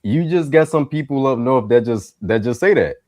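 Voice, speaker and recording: Co-host: man, Chicago accent, mid-pitched, easygoing and playful, tends to repeat himself. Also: expressive, normal speed, darkish tone. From Chicago, USA. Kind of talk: casual podcast chat.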